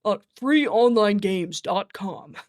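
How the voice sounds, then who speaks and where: A woman's voice: medium pitch, darkish tone, dry recording, studio quality. A woman streamer chatting casually, rambling between topics, laughing often and swearing freely. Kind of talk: casual chat.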